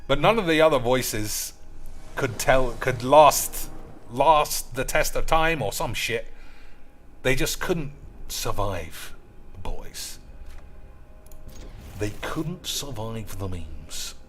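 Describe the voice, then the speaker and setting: Rowdy man, lively sing-song delivery. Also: takes it slowly, pauses often, a little hiss or hum. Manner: rowdy, crude, keeps calling out to "boys"; swings into loud high outbursts. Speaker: streamer. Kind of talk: casual gaming commentary.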